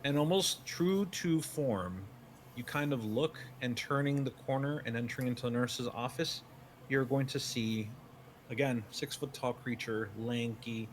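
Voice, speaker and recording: A man running a tabletop game, narrating the scene in a loose, descriptive way with plenty of fillers. His voice sits at a middle pitch, with faint background hiss. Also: a little slow. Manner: descriptive second-person narration with many fillers. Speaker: game master.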